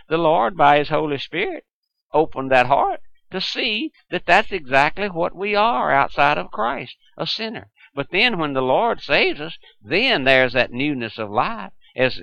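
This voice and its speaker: Male radio preacher, earnest and halting; dry, dull broadcast recording. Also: fairly high pitch, sharp tone, dry recording. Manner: earnest, addresses listener as "my friend"; hesitant, frequent "uh" and restarts. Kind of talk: radio sermon.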